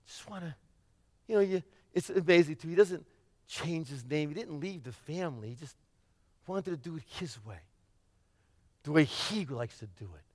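A man preaching a sermon, retelling a parable with dramatic swings from shouting to near-whispers and acting out the characters. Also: fairly high pitch, animated, moderate pace, long pauses, dry recording. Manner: acts out the parable's characters in his own voice.

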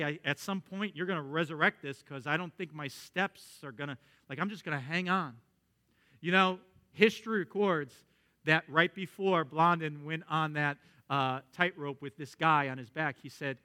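Man, pastor, sermon, storytelling, bright forceful voice, slightly high pitch. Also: moderate pace. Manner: storytelling preacher, swings from excited to hushed.

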